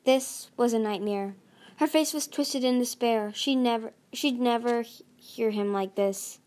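A woman's voice: on the high side, a little slow, a little mellow. A woman narrating a storybook aloud, reading steadily with small slips and restarts. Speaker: audiobook reader.

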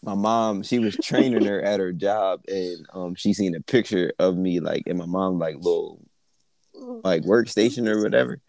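A young man co-hosting a podcast, telling stories in relaxed slang-heavy casual chat. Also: low voice, normal speed, vocal fry. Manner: laid-back storytelling with slang and frequent laughter. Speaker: podcast co-host.

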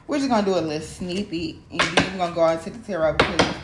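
A woman doing a casual tarot reading, animated and profane, talking straight to her viewers. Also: lowish voice, fast. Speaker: tarot reader. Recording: echoey room with clear background noise.

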